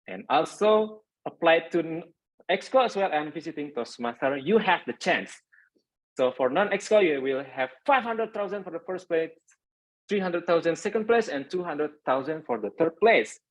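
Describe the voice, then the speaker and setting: A man, a club president giving lively meeting announcements over a video call. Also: on the high side. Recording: muffled online call audio.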